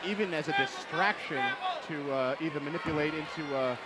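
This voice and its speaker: A man calling a live cage fight and interviewing the winner, halting and filling pauses with "uh". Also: on the high side. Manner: halting, fills with many uhs. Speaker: play-by-play commentator and cage interviewer. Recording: loud crowd and background noise.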